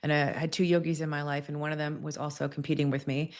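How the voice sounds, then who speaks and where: A woman in her forties speaks in a notably low voice as a podcast guest. She tells a candid personal story, acting out quotes as she goes. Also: flat delivery, fast talker, darkish tone.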